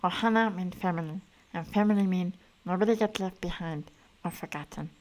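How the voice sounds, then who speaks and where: A woman's voice: fairly low pitch, a little fast, darkish tone, natural voice, poor audio. A woman voicing a small mischievous male alien creature in clipped, broken creature speech, set back from the mic. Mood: earnest.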